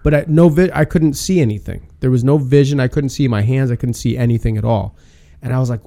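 Man, casual storyteller, rambling, animated, warm mellow voice. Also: mid-range voice, fast talker, gravelly. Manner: rambling, animated retelling with filler words.

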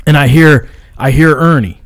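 Man, casual profane storytelling, stammering restarts, slightly higher voice, dry sound. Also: normal speed, dry recording. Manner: stammering restarts, laughs while telling. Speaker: podcast co-host telling a story.

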